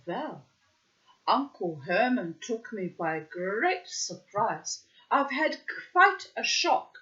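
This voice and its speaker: A coy, grandly theatrical mother figure, as a woman puts her on while telling a story, airy and affected. The voice is bright and sharp-edged. It moves unhurriedly over a dull, lo-fi recording. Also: medium pitch, big pitch swings, slow, voice pushed up, exaggerated voice. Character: the narrator's flirtatious, theatrical middle-aged mother.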